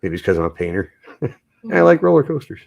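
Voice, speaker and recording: A man's voice: medium pitch, very animated, brisk, creaky, a little mellow. A man chatting casually on a live stream, rambling and swearing often. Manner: rambling, swears a lot, gets anxious. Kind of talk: casual chat.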